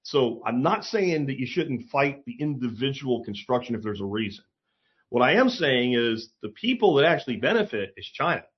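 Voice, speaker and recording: A man's voice: medium pitch, breathy edge, lo-fi sound. A man hosting a casual opinion monologue, talking bluntly and sarcastically, with frequent swearing and emphatic asides. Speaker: commentary host.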